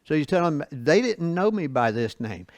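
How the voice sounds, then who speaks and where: Folksy male Bible teacher, higher voice. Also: sing-song, moderate pace, a little mellow, no echo. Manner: folksy and conversational, chuckles between points; asks the class rhetorical questions. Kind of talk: church Bible lesson, reading and explaining scripture.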